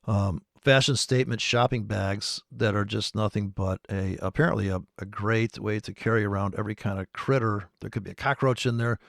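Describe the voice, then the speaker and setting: A man streaming about forex trading, ranting in a rambling, profane way with sudden loud outbursts. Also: lowish voice, a little fast, gravelly, hardly any pauses, dry recording, studio quality.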